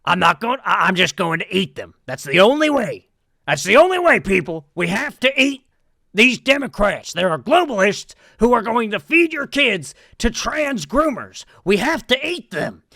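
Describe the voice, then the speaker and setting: A gravelly ranting conspiracy host. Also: male voice, sits high, sing-song, normal speed, dry recording, studio quality, voice pushed up, exaggerated voice. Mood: impassioned. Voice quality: gravelly, shouting. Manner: bombastic, paranoid ranting. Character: ranting gravelly middle-aged male conspiracy talk-show host.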